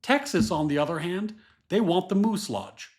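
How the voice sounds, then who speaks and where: A man's voice: sits high, expressive, normal speed, darkish tone. A man hosting a podcast, arguing emphatically in a casual political debate. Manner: emphatic, argumentative. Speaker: podcast host.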